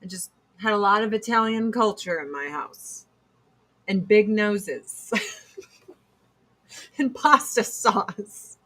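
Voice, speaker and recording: A woman hosting a podcast, ranting in a casual, profane, heated way with sudden loud outbursts. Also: medium pitch, slow pace, long pauses. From United States. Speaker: podcast host.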